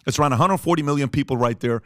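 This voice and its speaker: A man's voice: mid-range voice, very fast, fairly bright tone, no room sound. A man hosting a studio talk show, speaking casually and animatedly, repeating himself for emphasis with many fillers. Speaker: podcast host.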